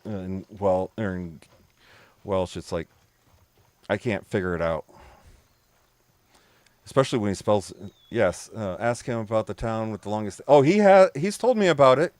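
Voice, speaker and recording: A man's voice: lowish voice, moderate pace, darkish tone, dry recording. A man streaming a game and chatting casually with viewers, rambling, laughing often and swearing freely. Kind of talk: casual live-stream chat.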